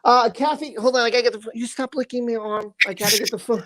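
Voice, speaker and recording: A woman's voice: on the high side, quick pace, fairly bright tone. A woman hosting a live stream in casual chat, chatty and giggly, easily flustered, reading viewer messages aloud.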